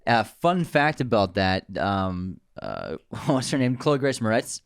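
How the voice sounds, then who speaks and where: A man co-hosting a casual film podcast, chatty and quick to tell anecdotes. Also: on the low side, big pitch swings, creaky, clean tone, no echo, clean studio sound. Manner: chatty, tells anecdotes with laughs. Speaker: podcast co-host.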